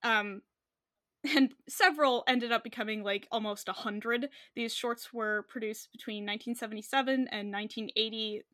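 Young woman, podcast co-host, higher voice, bright and sharp tone, dry close sound, casual chat. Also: steady tone, moderate pace, no echo. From Canada. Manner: chatty, laughing often, many fillers.

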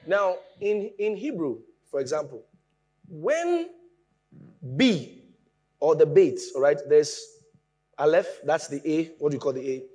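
A man preaching a sermon, explaining with lively emphasis that rises from quiet asides to raised points. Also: on the high side, unhurried, long pauses.

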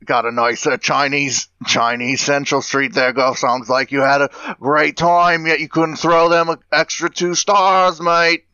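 A man's voice: fairly high pitch, little pitch movement, unhurried, sharp tone, clear, resonant tone, no room sound, highs cut off. A man doing a brash, bloke who heckles a reviewer in a casual podcast chat. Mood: mock-indignant.

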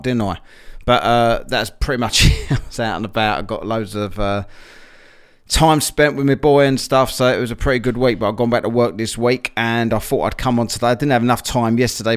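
A man's voice: lowish voice, clear, resonant tone. A man hosting a casual solo podcast, rambling and chatty with lots of fillers, a bit out of breath after a workout. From England. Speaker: podcast host.

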